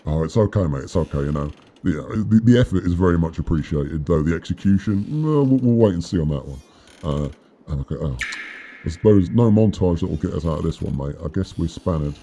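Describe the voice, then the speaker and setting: A man's voice: low-pitched, expressive, a little fast, dark tone. A man voicing a chatty mechanic. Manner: rambling, friendly, stammering. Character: chatty, upbeat captive male mechanic.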